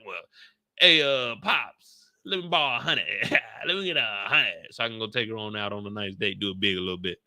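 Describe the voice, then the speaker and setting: A man's voice: fairly high pitch, sharp tone, dry recording, clean studio sound. A man hosting a show recap in loose, slangy live commentary, laughing often and mimicking characters.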